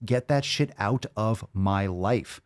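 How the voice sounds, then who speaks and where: A man's voice: fairly low pitch, slow, clean tone. A male podcast host ranting bluntly and profanely in a monologue.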